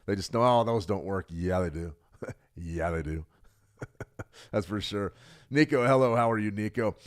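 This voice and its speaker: A middle-aged man hosting a live trading stream, talking fast and joking with viewers while he reads the chat. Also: lowish voice. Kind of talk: live market analysis, reading chat.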